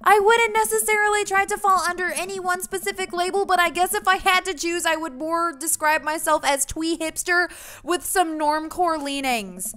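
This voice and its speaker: A woman's voice: extremely high pitch, normal speed, a bit bright, pitched above the performer's own voice. A woman voicing a self-assured, trendy teenage girl in a chirpy, articulate voice, reading a dating game aloud. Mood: breezy.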